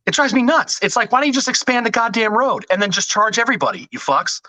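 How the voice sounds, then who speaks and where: A man's voice: high voice, lively intonation, fast, pushed and bright, no echo, rough recording. A middle-aged man, chatting as a podcast host, swearing freely, laughing and rambling with restarts. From Washington DC area. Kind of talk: casual chat.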